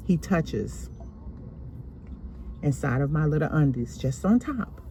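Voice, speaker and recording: A woman slowly and deliberately telling a painful personal story from her childhood. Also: low voice, big pitch swings, mellow, slight background noise. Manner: slow, deliberate, emotional retelling.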